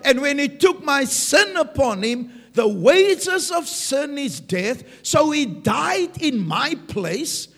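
A man preaches in a strikingly high voice that rises and falls with animated swings. He speaks slowly and emphatically, stopping often for an "Amen". The sound rings with the long reverb of a large church hall. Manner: emphatic, frequent "Amen" punctuating points. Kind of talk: sermon.

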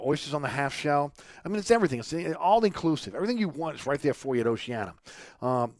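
A man's voice: medium pitch, gravelly, dry recording. A man hosting a radio talk show, reading announcements and a sponsor ad, rambling with many fillers and restarts. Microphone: studio microphone.

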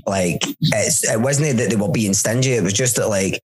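Young Scottish male comic, husky, animated, jokey podcast banter. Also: on the low side, moderate pace, hardly any pauses, low-quality recording. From Scotland. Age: young adult. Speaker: stand-up comedian, podcast co-host. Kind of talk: casual chat.

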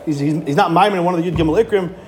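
A man giving a Torah class, animated, with rhetorical questions and frequent restarts. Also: a little high, very fast, a little hiss or hum. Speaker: Torah teacher.

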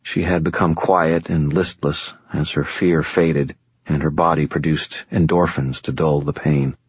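A man giving steady, measured first-person audiobook narration on a dull, dry recording. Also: a bass voice, husky, dry recording.

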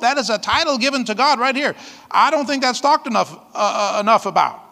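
A man preaches a sermon with a high, bright voice that carries a long reverb from the hall around him. His delivery is lively and conversational, and he keeps checking in with the congregation. He breaks into light laughter between his points. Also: fairly quick, creaky. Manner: lively preaching, frequent "amen?" calls, laughs often. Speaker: pastor.

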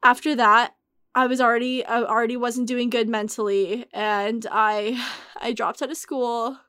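A young woman in her twenties talks as a podcast guest with a slightly raised pitch. She keeps a loose, chatty flow full of fillers and sounds close to tears. The recording is dry and close. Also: steady tone, measured pace, fairly bright tone, clear, resonant tone, dry recording. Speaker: guest telling her story. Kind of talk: casual podcast chat.

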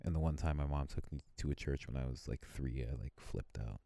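Spinning rambling stories in casual conversation, a man frequently imitates others using high voices. His voice is brisk, gravelly, and warm, with no room sound.

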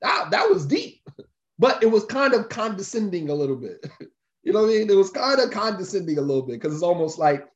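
A man's voice: high voice, very animated, a little fast. A man giving an informal sermon, repeating his points emphatically in a conversational way. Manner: repetitive, emphatic, conversational preaching. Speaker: religious teacher. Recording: roomy, dull lo-fi recording.

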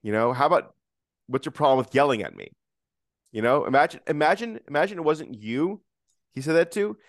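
A man's voice: fairly high pitch, animated, a little fast, no room sound, clean studio sound. A young man hosting a casual conversation over a video call, earnest and repeating himself as he builds his point. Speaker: podcast host.

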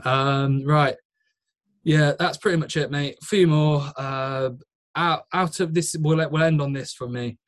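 A man's voice: a little high, steady tone, a little slow. A young man hosting a podcast and coaching bodybuilders, chatting casually with rambling, joking banter and many fillers. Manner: self-mocking banter. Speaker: podcast host and physique coach.

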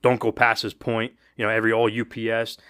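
A man's voice: fairly low pitch, a little fast, smooth, no room sound, clean studio sound. A man who is a podcast guest, a former delivery driver now in private investigation, telling stories in rambling casual chat. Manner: relaxed, rambling talker who quotes his own thoughts.

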